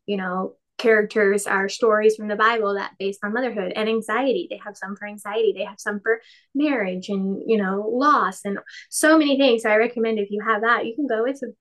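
A woman's voice: mid-range voice, fairly even intonation, a little fast, fairly bright tone. A woman in her thirties co-hosting a casual faith podcast, chatty, laughing often and acting out quotes. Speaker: podcast co-host.

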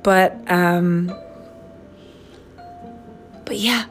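A woman's voice: fairly low pitch, soft background music. A woman from the East Coast of the US, talking over a phone in a rambling personal voice memo that drifts into whispers. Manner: slow, meandering, drifts into whispers. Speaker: podcast host.

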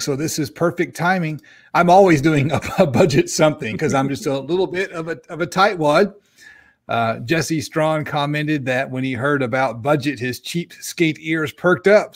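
A man hosts a live stream podcast in an easy, chatty way. He pokes fun at himself and reads viewer comments aloud as he goes. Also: a little high. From American South. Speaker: podcast host. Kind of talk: casual live-stream chat.

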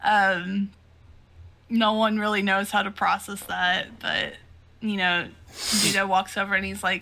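Woman co-host, bright voice, casual recap, quick to laugh, acts out lines. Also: mid-range voice, level tone, vocal fry. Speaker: podcast co-host. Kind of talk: casual chat recapping a manga.

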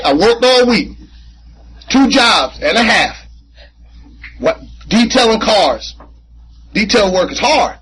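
A man speaking at a recovery meeting, telling his personal story in an animated, conversational way with casual slang and frequent repeats. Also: high voice, slow, long pauses, slight background noise, low-quality recording. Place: meeting room.

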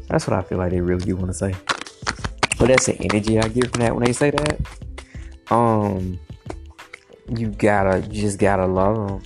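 A woman's voice: very deep voice, normal speed. A woman giving a loose, profane, playful tarot reading to her viewers in a casual vlog. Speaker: tarot reader. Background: music playing.

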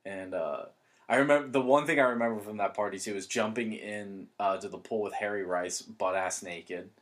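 A man's voice: fairly low pitch, moderate pace, fairly bright tone. A young man telling rambling, profane stories in casual chat, full of fillers and restarts.

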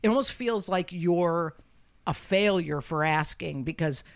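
A woman in her fifties, a comedian hosting a podcast, speaks in a lowish, creaky voice at a measured pace. She tells stories in casual podcast chat, brash, profane and self-deprecating.

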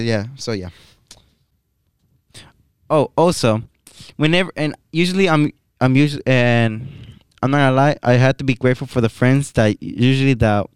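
A man's voice: mid-range voice, clean tone, dry recording, clean studio sound. A teenage boy, the club's vice president, chatting casually and rambling with many restarts. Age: teens. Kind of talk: casual chat.

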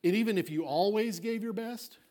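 A male pastor preaching a sermon, emphatic, swinging between loud declarations and hushed asides. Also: sits high, fairly quick. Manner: acts out congregants' objections in a small voice.

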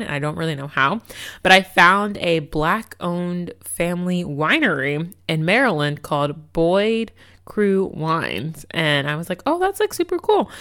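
Animated young woman venting on her podcast. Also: lowish voice. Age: young adult. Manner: animated, exasperated storytelling with laughs and fillers. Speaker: podcast host. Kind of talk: casual solo podcast chat.

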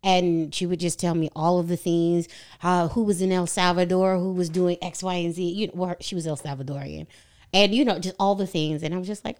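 Effusive woman voice teacher, lowish voice. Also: steady tone, a little fast, a little mellow. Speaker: voice teacher and podcast co-host. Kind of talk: casual podcast chat.

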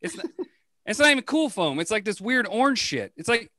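A man doing a crude, profane stand-up comedy set, riffing fast. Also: high voice, big pitch swings, sharp tone, dry recording.

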